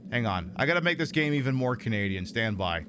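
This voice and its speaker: A man's voice: medium pitch, sing-song, fast talker, background noise. A man hosting a game stream, rambling and joking casually, swearing freely as he plays. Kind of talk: casual gameplay commentary.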